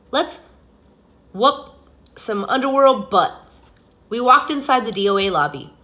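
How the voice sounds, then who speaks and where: A woman teacher reading a novel aloud in a steady, expressive way. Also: medium pitch.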